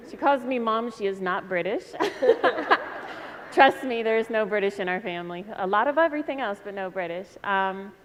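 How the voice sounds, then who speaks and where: A woman's voice: medium pitch, fairly bright tone, a little hiss or hum. A woman in her forties sharing her life story on a panel, chatty and joking, laughing easily. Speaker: panel speaker. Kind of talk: personal testimony to an audience. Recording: reverberant hall.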